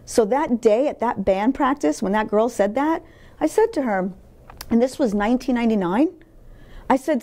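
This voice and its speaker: A woman's voice: fairly high pitch, animated, normal speed, warm tone. A middle-aged woman talking candidly in an interview, emphatic and blunt, swearing freely as she tells her life story. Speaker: interview guest.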